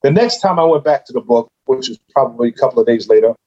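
A man's voice: mid-range voice, expressive, fast, darkish tone, muffled recording. A man who is a guest on a podcast, telling his story casually and animatedly, acting out his own reactions.

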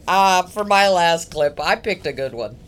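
A woman co-hosting a casual podcast, playful and quick to laugh. Her pitch swoops around in a lively way as she sets up each clip. Faint noise sits behind her voice. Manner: animated and playful, laughs often. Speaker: podcast co-host presenting clips.

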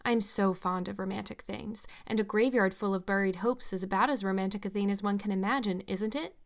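A woman's voice: medium pitch, a little fast, natural voice. A woman voicing an eleven-year-old orphan girl who talks eagerly and dreamily in a storybook reading.

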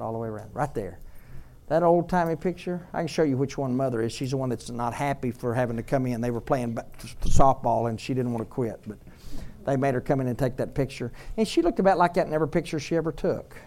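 A man preaching a sermon as pastor, repeating lines for emphasis and swinging from loud shouted peaks to soft storytelling. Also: medium pitch, quick pace, slight background noise.

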